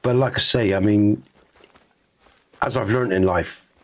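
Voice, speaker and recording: A middle-aged man hosting a game stream talks earnestly in a lowish, steady, unhurried voice. His reflective, casual chat rambles, full of fillers and restarts.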